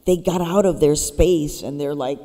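A woman's voice: low voice, fairly even intonation, normal speed, dark tone. A woman giving a keynote speech, telling stories and urging her audience directly. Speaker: keynote speaker. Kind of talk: public speech. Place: school auditorium. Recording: reverberant auditorium.

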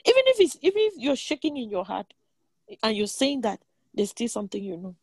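Gravelly, husky woman leading prayer. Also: on the high side, fairly quick, no room sound. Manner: motherly, animated, laughing often. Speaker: prayer leader. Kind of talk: online prayer meeting sermon.

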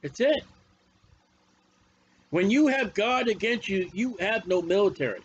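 Male preacher, high-pitched, folksy and emphatic, slightly dull recording with faint background ambience. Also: lively intonation, measured pace, a little hiss or hum. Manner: folksy, emphatic, repeats phrases. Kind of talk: Bible study sermon.

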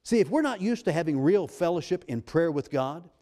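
Pastor guy preaching a sermon, fairly high voice, mellow tone, reads verses slow and drawn out. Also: lively intonation. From United States. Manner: emphatic preaching, reading scripture in slow passages.

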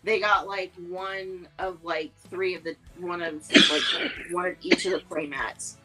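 A woman's voice: fairly low pitch, steady tone, a little slow, sharp tone, faint music behind, poor audio. A woman co-hosting a casual podcast chat, rambling along with lots of fillers and restarts. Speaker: podcast co-host.

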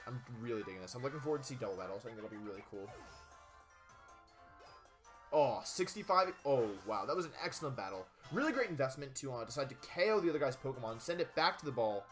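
A young man giving casual, chatty commentary while playing a video game, excitable with jokey asides. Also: mid-range voice. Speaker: let's play gamer.

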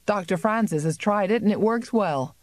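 A woman's voice: mid-range voice, moderate pace, a little mellow, no room sound, voice pushed up, close to an everyday voice. A good-humored young country doctor speaks easily and cheerfully, read by a woman. The storybook narration is close-miked and dry. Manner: easygoing, cheerful.

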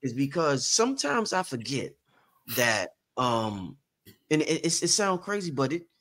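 A male host talks in a rambling, halting way full of fillers. His voice sits at a middle pitch. He speaks casually to viewers. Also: big pitch swings, a bit bright.

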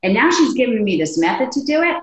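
Woman guest on a podcast, lively storyteller who acts out quotes, recorded in a roomy space. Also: fairly high pitch, fast. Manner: animated, acts out quoted dialogue. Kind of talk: conversational storytelling. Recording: echoey room.

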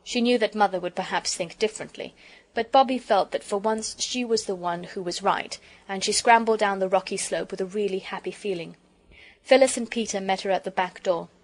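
Gentle woman reading a storybook. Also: medium pitch, a little fast. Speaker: audiobook narrator. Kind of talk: scripted storybook narration.

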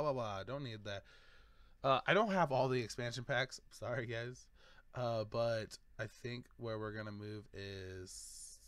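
A man's voice: mid-range voice, a bit bright, no echo. A man hosting a gaming video, chatting casually and thinking aloud as he picks options. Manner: rambling, thinking aloud while choosing options. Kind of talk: casual let's-play commentary.

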